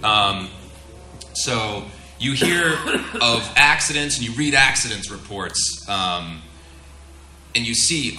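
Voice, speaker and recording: A man's voice: mid-range voice, expressive, slow pace, sharp tone. A middle-aged man, a flight instructor, giving a casual, joking seminar and asking the room questions. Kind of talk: seminar lecture to an audience. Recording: echoey room.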